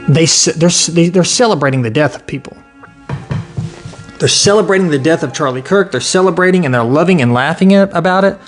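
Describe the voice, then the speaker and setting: A man's voice: a little high, a little fast, faint music behind. Heated profane man ranting. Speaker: online show host. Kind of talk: solo angry rant.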